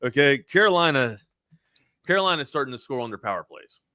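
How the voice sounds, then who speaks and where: A man's voice: mid-range voice, lively intonation, brisk, pushed and bright, no room sound. A man co-hosting a live sports talk stream, talking loosely with plenty of filler words. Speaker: sports talk show co-host.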